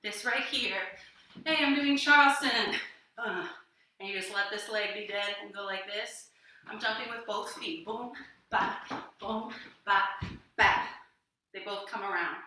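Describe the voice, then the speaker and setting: A woman's voice: mid-range voice, normal speed, bright, forceful tone. Woman dance teacher, echoey and distant. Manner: counts and scats rhythms aloud while dancing; encouraging, chatty teaching. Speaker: dance instructor. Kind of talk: livestreamed dance lesson. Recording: echoey room, voice from off-mic.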